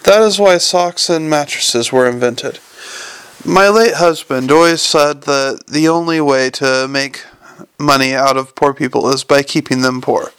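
A man reading an audiobook, voicing a sharp-tongued, imperious old woman who owns a bank. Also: fairly high pitch, measured pace, smooth, dry recording. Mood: dry, cynical. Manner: imperious, cynical and snappish.

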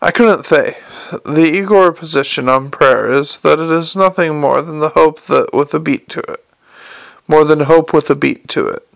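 Man doing gruff lab servant, lisp, Uberwald accent, gravelly, dry close sound. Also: a little high, normal speed, a bit bright, no room sound.

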